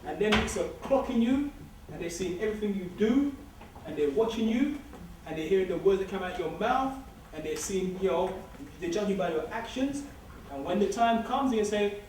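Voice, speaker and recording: A man's voice: sits high, lively intonation, a little fast, a little mellow, a little hiss or hum. Streetwise man in an echoey hall. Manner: streetwise, joking, emphatic repetition. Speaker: guest speaker. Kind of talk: informal lecture to a student society. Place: large lecture hall. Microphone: far room recording. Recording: distant echoey hall recording.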